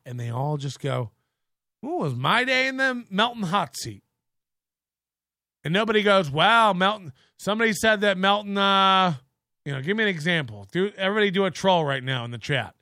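A bright, high-voiced man rants and mocks through comedic commentary on clips, swinging his pitch all over the place. He sounds close and dry, as if in a small home studio. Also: smooth, dry recording. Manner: mocking, ranting, mimics others in exaggerated voices. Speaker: show host.

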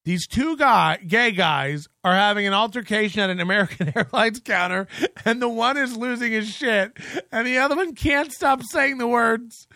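A man with a high, bright voice recaps a clip in casual show-host fashion. He laughs a lot and keeps repeating the lines he finds funny. The sound is close and dry, with no room around it. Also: normal speed, gravelly, no echo. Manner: laughing, repeating quotes, animated. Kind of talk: casual commentary on a viral video.

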